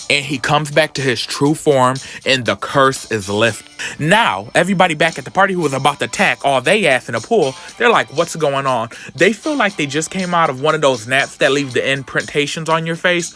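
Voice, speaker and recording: A man's voice: mid-range voice, sharp tone. Sassy man camping up a comic recap. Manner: sassy, campy asides and slang. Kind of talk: sassy comedic story recap.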